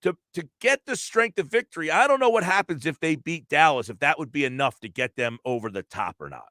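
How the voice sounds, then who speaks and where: Male radio host, higher-pitched and animated, dry close sound, thinks aloud. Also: brisk, no room sound. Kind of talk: live sports talk radio.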